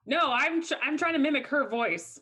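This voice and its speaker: A woman playing in a tabletop game, chatting in an animated, playful way. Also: sits high, normal speed. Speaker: player. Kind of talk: casual tabletop play.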